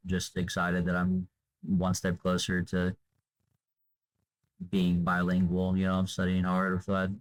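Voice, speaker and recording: In this rough recording with a bit of background noise, a low-pitched young man rambles unscripted for his vlog. Worn out and drained, he meanders, leans on fillers, and lets his sentences trail away.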